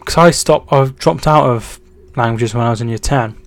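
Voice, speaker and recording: A young man with a medium-pitched voice at normal speed hosts a casual football live stream in a dry recording. Between match updates he reads chat and thanks viewers, trailing off and starting over, and he gets loud and excited at goals.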